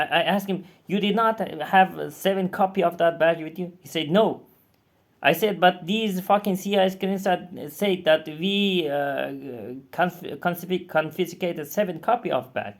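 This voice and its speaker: Bitter, profane man telling his story. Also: fairly high pitch. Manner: bitter, profane, halting with many restarts. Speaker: former combat interpreter. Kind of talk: angry personal storytelling.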